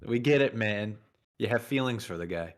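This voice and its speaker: A man's voice: fairly low pitch, lively intonation, normal speed. A man co-hosting a comedy talk show, making dry, wry remarks in casual chat.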